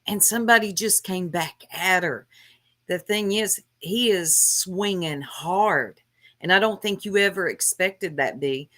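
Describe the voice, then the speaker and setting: Slow-talking, bright-voiced woman host. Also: lowish voice. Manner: slow, drawn-out, scolding. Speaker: livestream host. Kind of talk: casual livestream commentary.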